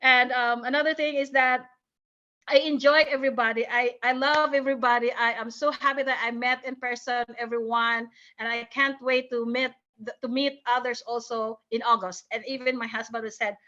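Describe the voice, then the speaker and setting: A woman telling her team about her experience on a video call, excited and hesitant, with many fillers and restarts. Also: on the high side, moderate pace, muffled recording. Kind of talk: casual chat on a video call.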